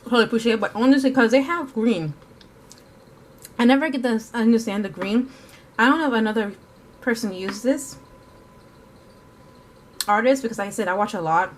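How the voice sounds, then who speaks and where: A woman's voice: fairly high pitch, a little fast, long pauses, a little hiss or hum. A woman chatting casually through an art vlog, rambling with lots of fillers and self-corrections, sometimes talking while eating. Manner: talks while eating at times. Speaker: art vlogger.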